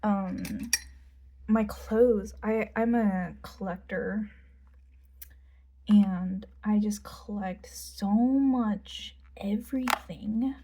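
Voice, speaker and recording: Breathy young woman rambling storytime. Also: medium pitch, very slow, dark tone. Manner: rambling, many fillers, drops into whispered asides; talks while doing her makeup. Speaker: vlogger. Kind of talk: casual storytime.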